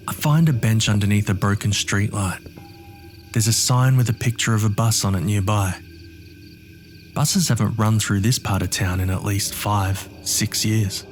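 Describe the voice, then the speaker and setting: A man narrating a horror story in the first person with a gritty, streetwise delivery. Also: on the low side.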